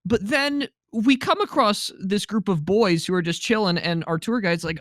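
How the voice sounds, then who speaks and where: A man's voice: high voice, fairly quick, few pauses, fairly bright tone, no room sound, clean studio sound. Wry laid-back man telling a story. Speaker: podcast co-host. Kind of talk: casual storytelling chat.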